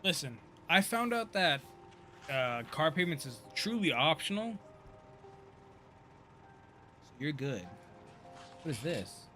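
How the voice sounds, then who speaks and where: A man in his thirties streams and riffs casually, swearing and laughing between remarks. His voice sits a bit high and sounds bright and forward. Soft music plays faintly behind him. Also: sing-song, slow pace, long pauses. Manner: loose, profane, laughs often, chatty asides. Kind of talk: casual live-stream commentary.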